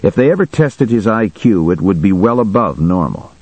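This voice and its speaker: Male narrator, deep and husky, dry close sound, measured first-person read. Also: big pitch swings, a little mellow, no room sound, poor audio.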